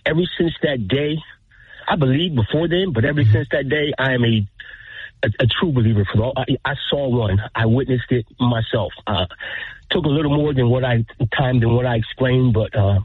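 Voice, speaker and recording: A man in his fifties speaks over a narrow, phone-like line, his voice slightly husky. He tells his story haltingly, pausing as if fighting back emotion. The sound is dry and close. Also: mid-range voice, no room sound. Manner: halting, pauses to steady himself. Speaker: caller.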